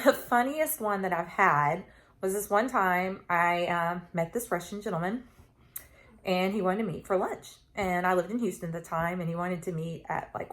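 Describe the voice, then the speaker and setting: A woman, telling stories in a casual chat to camera, full of ums and asides. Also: medium pitch. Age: 40s. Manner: chatty storytelling with many fillers. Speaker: vlogger.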